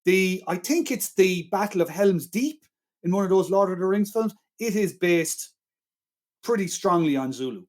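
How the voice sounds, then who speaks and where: Enthusiastic, argumentative man, slightly high voice. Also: lively intonation, moderate pace. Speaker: podcast co-host. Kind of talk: casual film-review chat.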